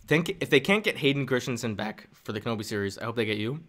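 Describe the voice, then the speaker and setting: A young man chats casually on a live stream at his desk mic, animated and quick to laugh. His tone is bright and his pitch bounces around a lot, with frequent stumbles and restarts.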